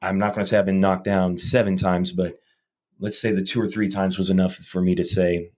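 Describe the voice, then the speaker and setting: Very deep-voiced man, rambling and earnest. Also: level tone, fairly quick, darkish tone. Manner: rambling and earnest, repeats words, acts out quoted talk. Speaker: podcast guest, gym owner. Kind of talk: casual interview chat.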